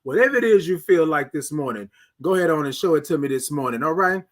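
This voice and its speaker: High-voiced Texan man hosting a live stream. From Texas. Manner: animated, sings out drawn-out greetings. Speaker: host. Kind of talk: live-stream morning show chat.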